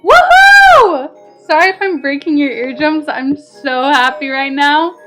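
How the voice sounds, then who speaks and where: A young woman streaming a game at home, chatting casually and excitably with her viewers, breaking into squeals of joy. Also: high voice, moderate pace, soft background music. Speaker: gaming streamer. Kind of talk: casual live-stream chat. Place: home, moving to kitchen.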